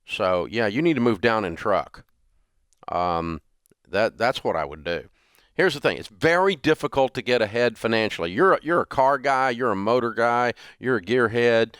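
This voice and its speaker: A man's voice: medium pitch, expressive, moderate pace, a bit bright, clean tone, no room sound, clean studio sound. A man in his sixties hosting a call-in money advice show, telling stories in a folksy way with lots of fillers. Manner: folksy storytelling, frequent fillers and restarts. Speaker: radio show host.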